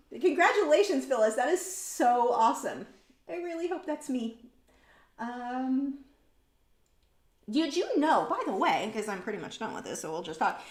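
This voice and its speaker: Brief: woman, 40s, slightly high voice, rambling art-stream host in a roomy, echoey space. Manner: chatty, rambling, many ums, reads comments aloud. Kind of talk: casual chat while painting, reading comments. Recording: echoey room.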